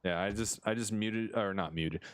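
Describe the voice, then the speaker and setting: A young American man talks into a headset during a live stream, rambling and restarting as he goes. His voice sits very low, and it comes through smooth and clear. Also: moderate pace, no room sound. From United States. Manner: rambling, self-interrupting, laughs often. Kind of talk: casual chat on a live stream.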